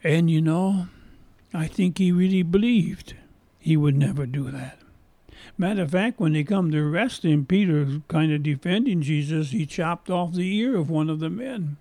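A man's voice: a little high, moderate pace, warm tone, no room sound. A man preaching a sermon, retelling a story in a folksy way and repeating phrases for emphasis.

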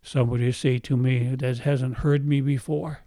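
A man's voice: medium pitch, level tone, moderate pace, dark tone, dry recording, studio quality. A middle-aged male pastor preaching a sermon. He has a faint brogue-like sound left from a speech impediment, repeats phrases for emphasis and asks his listeners questions.

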